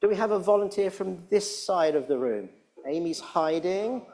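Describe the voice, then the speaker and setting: A man's voice: high voice, lively intonation, normal speed, a little mellow. A middle-aged man leading a jokey all-age church talk, playful and rambling as he teases the congregation. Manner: playful, rambling, teasing the audience. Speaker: church service leader.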